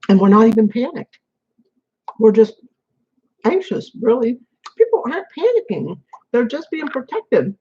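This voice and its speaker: A vlogger talking casually to camera from an apartment, drifting from point to point and repeating phrases. The voice is husky and a little breathy. The audio sounds dull and lo-fi, as if it came from a built-in camera mic. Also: mid-range voice, very animated, normal speed, long pauses, mellow. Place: home apartment, indoors. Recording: dull lo-fi home recording.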